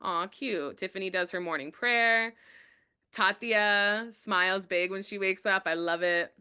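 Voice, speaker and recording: Woman, webinar host, bright tone, smooth clear voice, upbeat, encouraging. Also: medium pitch, unhurried. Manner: upbeat, encouraging, reads chat aloud. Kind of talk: motivational webinar talk.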